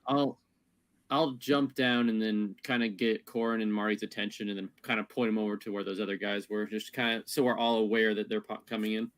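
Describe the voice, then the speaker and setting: A man's voice: fairly low pitch, little pitch movement, a little fast, a bit bright. Easygoing man playing a tabletop game. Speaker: player. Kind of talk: casual tabletop play.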